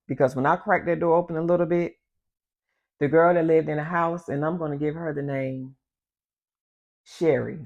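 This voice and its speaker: A woman vlogger telling a personal story in a casual, animated way, talking straight to her viewers. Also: sits low. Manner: animated, addresses the audience as y'all.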